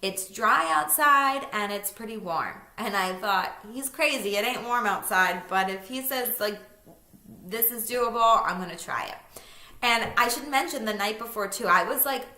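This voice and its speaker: A woman's voice: medium pitch, sharp tone, roomy sound. A woman in her thirties, a vlogger, telling a personal story in a casual, chatty way with fillers and small laughing asides.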